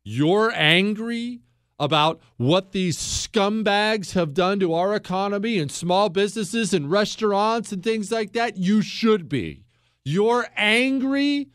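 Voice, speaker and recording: A man's voice: high-pitched, a bit bright, clean tone, dry recording, clean studio sound. A male talk show host delivering a fiery, opinionated monologue, hammering his points and repeating phrases for punch.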